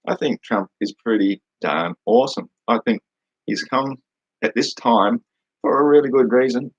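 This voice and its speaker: A man's voice: medium pitch, moderate pace, no echo, highs cut off. An Australian man answering comments in a combative, mocking rant, blunt and full of swearing. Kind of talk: combative ranting monologue.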